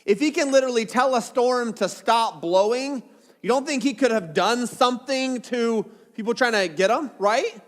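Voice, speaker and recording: A man's voice: extremely high pitch, normal speed, big-room sound. A man preaching a sermon as pastor, casual and joking, with dramatic retellings.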